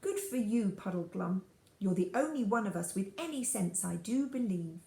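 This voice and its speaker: A woman's voice: medium pitch, expressive, normal speed, creaky, warm tone. A woman voicing a plucky schoolboy with hearty, old-fashioned slang, in a voice with room echo.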